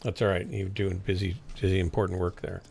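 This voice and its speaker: A man's voice: deep voice, little pitch movement, fairly quick, creaky, a little mellow. A middle-aged man livestreaming a game, chatting in a rambling, casual way with his teammates on voice chat. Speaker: streamer.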